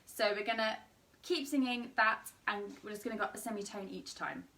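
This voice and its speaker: A woman's voice: medium pitch, brisk, pushed and bright, far from the mic. A young woman teaching an online singing lesson with a slightly tired voice, explaining and demonstrating sung vowels.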